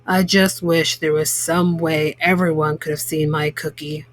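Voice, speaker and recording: Woman doing a deep gruff baker man. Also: level tone, unhurried. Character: proud adult male cookie baker.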